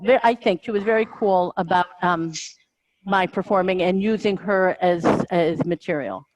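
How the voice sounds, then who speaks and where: A woman's voice: medium pitch, normal speed, a little mellow, low-quality recording. A middle-aged American woman comedian telling stories in a casual interview, rambling and self-interrupting, laughing often. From United States. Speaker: comedian guest.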